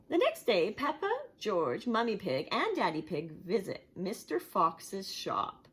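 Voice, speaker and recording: A woman reading a picture book aloud to young children, as a teacher would, with an expressive storytelling manner. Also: mid-range voice, a little slow, hardly any pauses, slightly rough.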